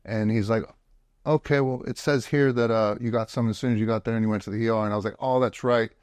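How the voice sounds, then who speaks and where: A man's voice: fairly low pitch, level tone, racing, darkish tone, no echo, clean studio sound. A man telling his story as a podcast guest, blunt and profane, with frequent restarts, recorded in a home office. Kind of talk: casual storytelling.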